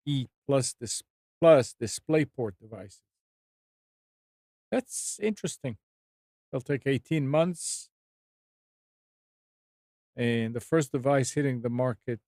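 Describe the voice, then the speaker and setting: A man's voice: mid-range voice, a little mellow, dry recording. A radio host reads tech news and tosses in wry comments. His voice sits in a middle range. The studio sound is dry and close. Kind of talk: casual chat.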